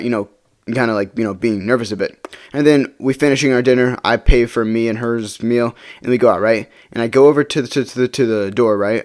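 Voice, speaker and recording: A young man rambles through a casual storytime vlog. He talks fast and keeps tagging his sentences with "right?". His pitch sits mid-range for a man. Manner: rambling, many fillers like "right?".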